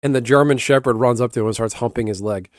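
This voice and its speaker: Brief: young male streamer at home, rambling and blunt, dry close sound, mid pitch. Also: fast talker, no room sound. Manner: rambling, blunt, swears casually. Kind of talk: casual stream chatter.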